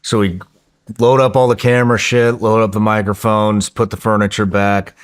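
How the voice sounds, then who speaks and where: A man telling a story in a podcast interview in a casual, profane, excitable way, often restarting his sentences. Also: fairly low pitch, moderate pace, clear, resonant tone.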